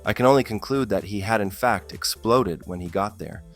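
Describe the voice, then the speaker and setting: A man's voice: lowish voice, normal speed, faint music behind. A man narrating funny stories in a scripted style, with a dry comic delivery that lifts on the punchlines. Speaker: storyteller.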